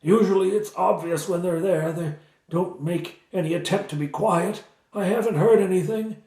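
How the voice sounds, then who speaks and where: A man doing a weary old captive knight, high and quavering. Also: normal speed, dark tone, reverberant, distant mic. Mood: weak, fretful. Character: weary older male knight, captive and grateful.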